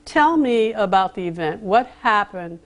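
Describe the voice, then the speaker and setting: A woman with a medium-pitched voice hosts a formal television interview. She speaks deliberately and guides her guest gently through hard questions. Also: animated. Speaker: interview host, community affairs director.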